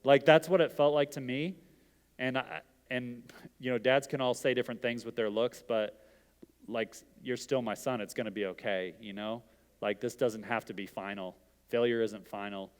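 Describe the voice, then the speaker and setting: With a clear, resonant, medium-pitched voice and a steady tone, a middle-aged man delivers an interactive sermon at normal speed. He talks casually and poses questions to his listeners, all under long hall reverb.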